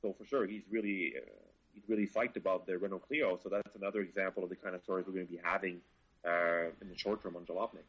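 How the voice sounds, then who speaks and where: A man's voice: low-pitched, fairly even intonation, quick pace, slightly rough, muffled recording. A man who writes about cars, chatting casually and swearing eagerly in a podcast conversation. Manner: enthusiastic, swears freely. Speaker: car journalist guest.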